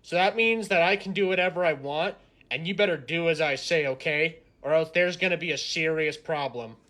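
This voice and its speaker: A man's voice: fairly high pitch, brisk, pushed and bright. A man voicing a cocky, threatening sheriff in a western roleplay game skit.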